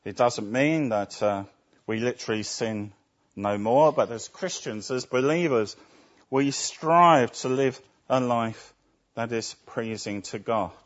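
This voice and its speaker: Male preacher, deliberate sermon delivery, rhetorical questions, muffled lo-fi sound. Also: medium pitch. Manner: asks rhetorical tag questions. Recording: dull lo-fi recording.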